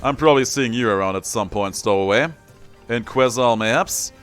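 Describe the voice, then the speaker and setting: A man voicing a helpful stowaway ally, reading game dialogue aloud in a calm way. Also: medium pitch, moderate pace, smooth, soft background music, natural voice. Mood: friendly. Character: friendly male stowaway ally.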